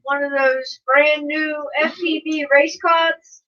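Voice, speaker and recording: This casual livestream features a woman whose voice sits high, with fairly even intonation and a slow pace. She's chatty, laughs a lot, and reads out comments from viewers, though the recording sounds muffled and far away.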